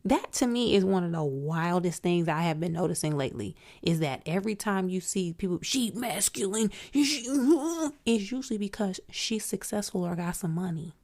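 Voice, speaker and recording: A woman's voice: fairly low pitch, fairly quick, few pauses, a little mellow. A woman hosting a solo commentary podcast, outspoken and emphatic, talking straight to her listeners. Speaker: podcast host.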